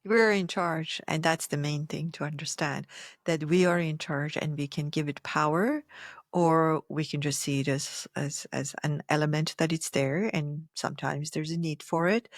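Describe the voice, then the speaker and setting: Animated woman podcast co-host, dry sound. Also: sits low, measured pace, dry recording. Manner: animated, laughing, acting out inner voices. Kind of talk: reflective casual conversation.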